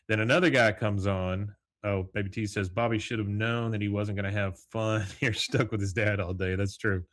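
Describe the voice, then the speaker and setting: Middle-aged guy solo podcasting, lowish voice, rambles and chuckles through a recap. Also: steady tone, normal speed, fairly bright tone. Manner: rambling and casual, reads scenes aloud with chuckling asides. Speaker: podcast host. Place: home, with morning coffee.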